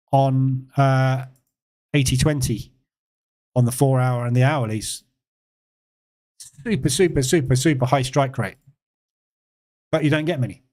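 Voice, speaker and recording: A man hosts a live trading stream in a relaxed, conversational voice. He speaks at an ordinary mid pitch, repeats words for emphasis and fills pauses with ums and uhs. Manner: relaxed, conversational, answers chat questions; emphatic repetition with frequent fillers. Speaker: trading educator hosting a live session. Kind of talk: live-stream market commentary.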